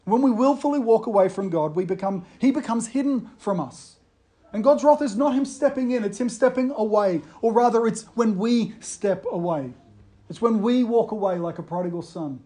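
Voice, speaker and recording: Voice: mid-range voice, normal speed, warm tone. A preacher giving an earnest sermon, explaining scripture and reading quotes aloud.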